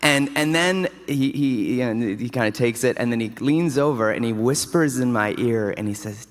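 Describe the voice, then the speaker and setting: A man's voice: mid-range voice, moderate pace. A man giving a casual, enthusiastic award acceptance speech in a large hotel ballroom, telling stories to the audience. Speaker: award recipient. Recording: long hall reverb.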